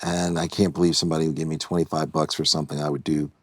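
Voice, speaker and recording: A man in his sixties, a podcast guest, telling an animated story and acting out the quotes. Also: rumbling low, rapid-fire, a little hiss or hum. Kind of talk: casual storytelling.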